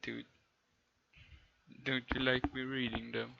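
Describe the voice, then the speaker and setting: A man streaming, reading fan fiction aloud in a deadpan way and often breaking into laughter. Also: medium pitch, takes it slowly, vocal fry, highs cut off, noisy background.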